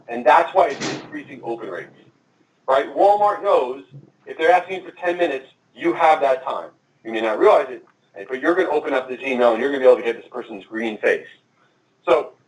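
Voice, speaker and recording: Fast-talking male conference presenter, echoey. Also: fairly high pitch. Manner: fast-talking, energetic, addresses the audience directly. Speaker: conference speaker. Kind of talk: marketing presentation. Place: conference room. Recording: echoey and distant from the mic.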